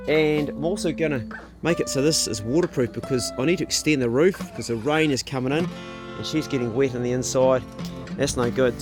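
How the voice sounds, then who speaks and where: A middle-aged man with a New Zealand accent, chatting casually to camera outdoors on a rural property. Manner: laid-back and chatty, with a higher, louder voice when talking to his dogs. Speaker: vlogger. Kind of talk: casual vlog talk to camera. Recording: guitar music playing under the voice.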